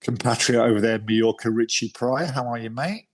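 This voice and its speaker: A man hosts a relaxed podcast chat over a remote call. He talks loosely and jokes at his co-host's expense, dropping "mate" into nearly every line. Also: mid-range voice, fairly quick. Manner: joking, teasing banter with frequent "mate". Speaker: podcast host. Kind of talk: casual chat.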